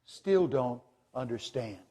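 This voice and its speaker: A man preaching who quotes the Lord from a vision, speaking calmly and earnestly. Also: mid-range voice, slow. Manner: gentle, earnest, at times pleading. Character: calm, serious male Lord speaking in a vision. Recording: long hall reverb.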